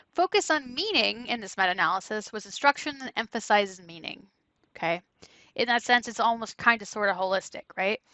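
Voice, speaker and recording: A woman lecturer giving a conversational classroom lecture, often checking in with "right?" and breaking into animated asides. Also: a little high, dry recording, low-quality recording. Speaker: university lecturer.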